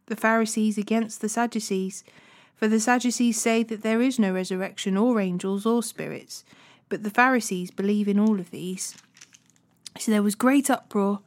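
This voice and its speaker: A woman hosting a daily Bible reading, reading scripture in a measured, unhurried way. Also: on the high side.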